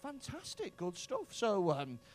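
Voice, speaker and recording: A man's voice: sits high, huge pitch swings, a little slow, darkish tone, slight background noise. A male stand-up comedian in a comedy club, doing profane, bantering crowd work with mock outrage.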